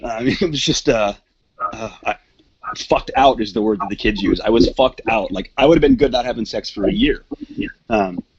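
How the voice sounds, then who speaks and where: Gravelly, profane storytelling man. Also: on the low side, brisk, highs cut off. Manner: profane, animated, acts out quoted voices. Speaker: podcast guest. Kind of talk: casual storytelling.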